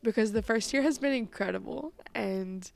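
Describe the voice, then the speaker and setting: A woman's voice: fairly high pitch, moderate pace, creaky, soft background music. A young woman giving a heartfelt, teary message to her best friend and co-host, laughing and swearing casually. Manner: emotional, laughing through tears, casual swearing.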